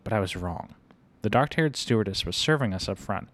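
Guy with a lowish voice reading a story, unhurried, easy conversational telling. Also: animated, no room sound. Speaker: reader. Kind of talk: reading a first-person story aloud.

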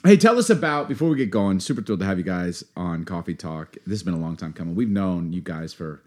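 Male podcast host, teasing and loose, animated voice. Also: low-pitched, quick pace. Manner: playful, joking, drifts into put-on accents. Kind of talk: casual podcast chat. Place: studio in Seattle.

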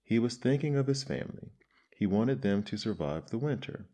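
A man reading fables aloud in a measured, expressive storybook style. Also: medium pitch.

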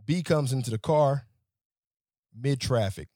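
A man who works as a nightlife promoter delivers an animated, exasperated and profane comedic rant. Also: medium pitch, a little slow, no room sound, clean studio sound.

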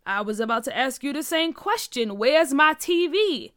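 A woman voicing a protective father who speaks in a calm but stern, measured way. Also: fairly high pitch, clean tone, no room sound, clean studio sound. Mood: furious.

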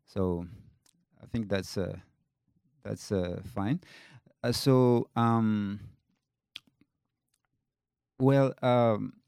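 A man from Madagascar whose first language is Malagasy, speaking English with a French-tinged accent. He is interviewed over a video call and talks in a halting way with many fillers. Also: lowish voice, vocal fry, a little mellow, clear, resonant tone, no room sound, studio quality. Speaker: tour company founder. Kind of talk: casual interview conversation.

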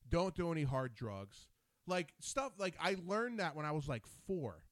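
A man's voice: fairly high pitch, dry recording. A man from New Jersey hosting a casual talk show, telling rambling stories with lots of energy. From New Jersey, USA. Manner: animated storyteller, quick and rambling. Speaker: host. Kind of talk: casual chat.

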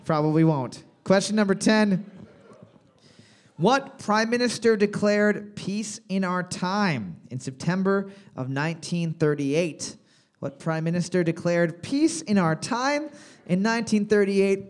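A man's voice: high-pitched, expressive, a little slow. A man hosting a casual trivia game, reading questions and cracking crude jokes. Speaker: trivia host.

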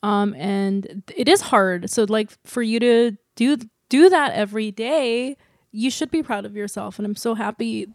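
A woman's voice: fairly high pitch, moderate pace, dry recording, studio quality. A woman hosting a podcast, chatty and rambling, with self-deprecating asides. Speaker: podcast host. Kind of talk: casual podcast chat.

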